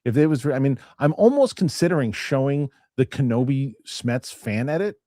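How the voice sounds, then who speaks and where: A man's voice: medium pitch, animated, normal speed, dark tone, no room sound. A man hosting a casual live show, rambling and cursing freely while reading out viewer comments. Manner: rambling, profane, laughs at his own stories. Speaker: host.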